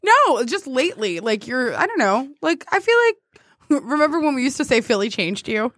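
Woman, podcast co-host, teasing banter, frequent laughter, high bright voice, dry sound. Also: big pitch swings, normal speed, no room sound. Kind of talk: casual chat. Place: studio.

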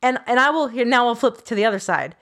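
A woman co-hosting a podcast, telling a true crime case in a chatty, animated way with quoted voices and quick self-corrections. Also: on the high side. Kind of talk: casual storytelling chat.

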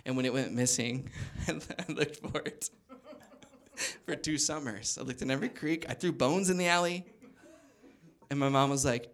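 A man in his thirties doing stand-up, telling self-deprecating stories with animated delivery. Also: mid-range voice, a little slow, long pauses. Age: 30s. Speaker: stand-up comedian. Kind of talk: stand-up comedy set.

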